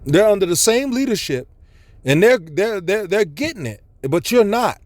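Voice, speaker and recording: A man's voice: sits high, very animated, moderate pace, no echo. A man preaching a blunt, profane, scolding street sermon to his listeners.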